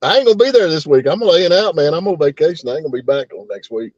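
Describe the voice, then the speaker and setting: A man's voice: fairly high pitch, animated, fast talker, darkish tone, no room sound, lo-fi sound. A man with a Southern American accent chatting casually, drawling and joking, repeating new words to try them out. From Southern United States. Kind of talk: casual chat.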